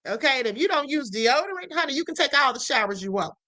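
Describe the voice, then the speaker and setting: A woman's voice: high voice, very animated, fast, sharp tone, rough recording. A woman hosting a livestream, chatting in a sassy casual way about gossip and often tagging lines with "okay?" and "honey.". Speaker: livestream host. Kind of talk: casual commentary on celebrity gossip.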